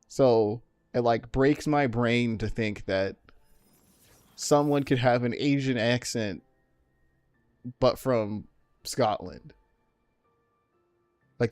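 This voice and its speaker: A man's voice: mid-range voice, no echo. A man streaming a game, rambling in casual commentary. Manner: rambling, chatty.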